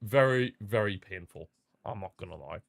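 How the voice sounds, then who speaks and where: A young man hosting a live football watchalong, chatting casually and repeating himself, with sudden bursts of excitement. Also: lowish voice, moderate pace, gravelly, no echo, clean studio sound. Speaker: watchalong host. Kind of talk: casual live match commentary.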